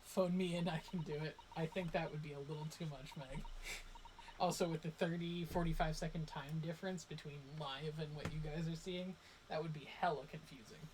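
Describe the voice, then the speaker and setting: A man's voice: fairly high pitch, steady tone, brisk, darkish tone, a little hiss or hum, poor audio. A man streaming a game and chatting casually with viewers in a laid-back, joking way. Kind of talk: casual chat with live chat.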